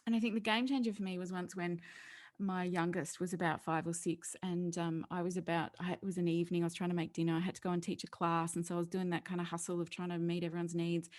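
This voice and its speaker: A woman's voice: on the low side, level tone, fast. A woman, a parenting educator talking earnestly as an interview guest and telling stories. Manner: earnest, storytelling, laughs often; acts out quoted voices. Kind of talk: conversational interview.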